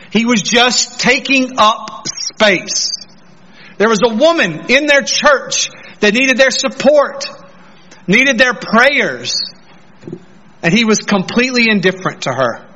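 A pastor preaching a sermon, earnestly putting questions straight to the congregation. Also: male voice, sits high, pushed and bright, muffled recording.

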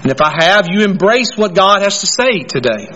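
A man's voice: sits high, very animated, moderate pace, bright, forceful tone, highs cut off, a little hiss or hum. A man preaching a sermon as pastor, telling stories and acting out indignant voices.

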